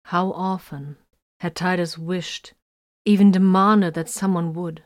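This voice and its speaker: A woman audiobook narrator reads scripted military science fiction, swinging dramatically between emphatic bursts and sudden hushed lines. Her voice is lower than typical for a woman, steady in tone and slow, recorded dry and close with no room sound or echo.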